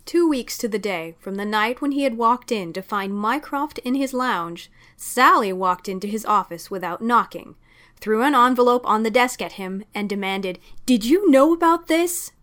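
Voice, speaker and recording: A woman reading fan fiction aloud as a narrator, in a calm, even storytelling voice. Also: medium pitch, normal speed.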